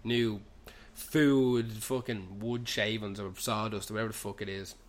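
A man's voice: lowish voice, steady tone, unhurried. A young man with a Dublin-tinged Irish accent, hosting a show from a pub and telling a rambling comic anecdote full of swearing. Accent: Irish, Dublin slang. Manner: heavy swearing, loose run-on storytelling. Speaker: podcast host.

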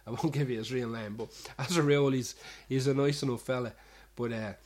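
A man's voice: mid-range voice, fairly quick, a little mellow. A young man hosting a show, rambling casually with lots of restarts and swearing. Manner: chatty, frequent restarts and swearing. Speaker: show host.

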